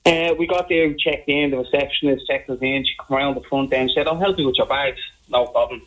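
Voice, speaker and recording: A man with an Irish accent rattles through a story on a phone-in, fast and animated, repeating himself as he builds it up. He comes through a thin telephone line. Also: mid-range voice. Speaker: caller.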